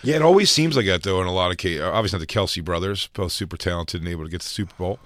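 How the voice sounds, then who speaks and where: A man co-hosting a podcast in casual comedic banter, riffing crudely into dark absurd bits. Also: low-pitched, rapid-fire, dry recording. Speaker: podcast co-host.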